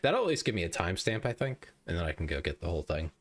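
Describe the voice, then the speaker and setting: A young male streamer chats casually with his viewers, joking and running himself down. His voice is deep but moves around a lot in pitch. The talk is loose and friendly. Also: sing-song, racing. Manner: chatty, joking, self-deprecating. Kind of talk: casual live-stream chat.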